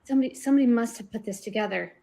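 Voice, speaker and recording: A woman's voice: fairly high pitch, very fast, gravelly, dark tone. A woman in a casual online discussion, earnestly explaining her ideas with rising emphasis. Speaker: guest researcher.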